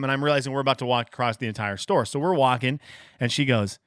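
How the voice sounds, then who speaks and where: A man's voice: medium pitch, quick pace, a bit bright, clear, resonant tone, dry recording, studio quality. A man hosting a podcast, telling a casual, rambling, self-mocking story and quoting the people in it. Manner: rambling, self-mocking retelling with quoted dialogue. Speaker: podcast host.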